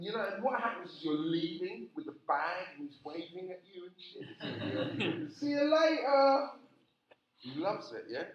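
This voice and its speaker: A man giving a classroom lecture, animated, often checking in with the class by asking "yeah?". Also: sits high, slight background noise. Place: lecture room. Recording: echoey classroom, distant, dull.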